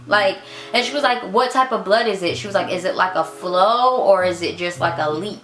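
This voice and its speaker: A woman's voice: mid-range voice, fairly quick, echoey room, faint music behind. Chatty young woman telling a story. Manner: animated, acts out the voices of others in quotes; chatty, full of "like" and "girl". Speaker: vlogger telling her birth story. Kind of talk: casual storytime chat.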